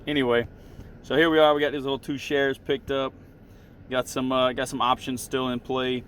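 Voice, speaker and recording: A man's voice: mid-range voice, little pitch movement, moderate pace, very noisy. A man giving a casual screen-share tutorial as a retail trader, checking in with the listener often. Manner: casual, checks in with "right?" tags. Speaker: retail options trader walking viewers through trades.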